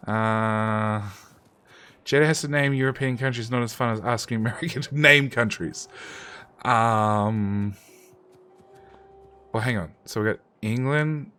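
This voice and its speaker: A man's voice: on the low side, a bit bright, clear, resonant tone. A man streaming a game live and chatting with viewers in a loose, joking, self-mocking way, often restarting his sentences and casually swearing. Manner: casually profane.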